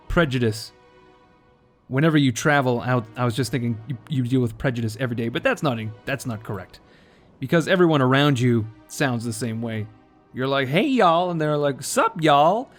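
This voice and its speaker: A man giving casual commentary on a strategy game in an ordinary mid-range voice. He rambles, cracks jokes and keeps correcting himself mid-sentence, with game music playing faintly beneath him. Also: medium pitch. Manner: rambling, jokey, self-correcting asides. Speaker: let's play host.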